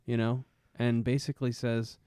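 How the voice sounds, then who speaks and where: A man's voice: mid-range voice, little pitch movement, normal speed, mellow, clean tone, dry recording, studio quality. A man co-hosting a casual film podcast, rambling through his thoughts with lots of "you know". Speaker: podcast co-host.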